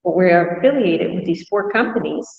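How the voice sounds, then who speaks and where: A woman's voice: lowish voice, lively intonation, moderate pace, gravelly. A woman business coach hosting an online presentation, speaking casually with fillers. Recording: muffled, echoey room with long reverb.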